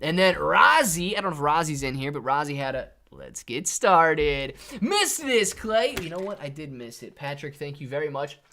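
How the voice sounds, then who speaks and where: A man's voice: fairly high pitch, lively intonation, moderate pace, hardly any pauses, pushed and bright. Laid-back man reading chat on stream. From Ohio, USA. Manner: laid-back, reads chat aloud, calls viewers man and dude. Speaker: livestream trading host. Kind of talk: casual livestream chat.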